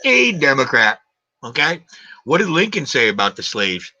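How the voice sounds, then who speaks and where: A man's voice: medium pitch, very animated, moderate pace, sharp tone, no echo. A man hosting a live stream, ranting combatively in a heated argument and hammering his points with repeated questions. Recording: dull lo-fi stream audio.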